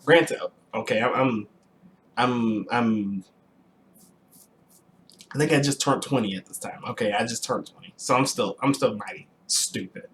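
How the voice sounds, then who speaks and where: Animated young man telling his story. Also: mid-range voice, unhurried, long pauses, a little hiss or hum. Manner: animated retelling with repeated restarts and throat clearing. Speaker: vlogger telling a personal story. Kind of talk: casual storytime monologue.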